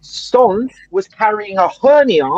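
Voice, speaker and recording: Man co-host, high voice, heated swearing rant, dull dry lo-fi audio. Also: animated, takes it slowly, dry recording. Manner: ranting, swears a lot, keeps asking "right?". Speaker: co-host of a fan livestream. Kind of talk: casual heated chat.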